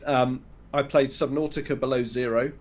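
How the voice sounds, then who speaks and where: A man's voice: medium pitch, fairly even intonation, moderate pace. A man co-hosting a podcast, chatting casually and rambling through a rundown of video games. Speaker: podcast co-host. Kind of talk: casual chat.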